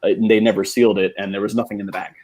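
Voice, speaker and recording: A man's voice: lowish voice, flat delivery, very fast, a little mellow. A man co-hosting a livestream, chatting in a laid-back way and swearing casually.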